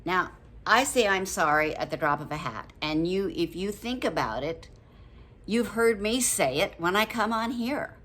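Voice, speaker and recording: A 70-something woman vlogs about a book in a casual talk to camera, her medium-pitched voice animated, a bit bright, and measured in pace. She wanders slightly, fills pauses with ums, and laughs often.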